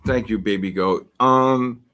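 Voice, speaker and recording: On a live futures trading stream, a man with a lowish, fairly bright voice speaks slowly. He drifts through charts and viewer comments, talking in a rambling way with many fillers.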